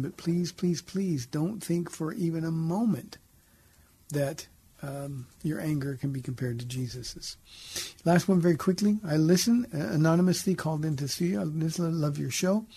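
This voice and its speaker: A pastor hosts a radio call-in show and answers listener questions in an earnest, conversational way. His voice sits fairly high, with a mellow, dark tone and a very husky, rough texture. He speaks from a studio.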